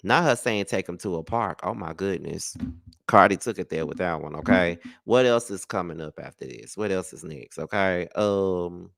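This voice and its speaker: A man's voice: low voice, lively intonation, normal speed, gravelly, fairly bright tone, dry recording. A man giving casual celebrity gossip commentary in a blunt, profane and sassy way.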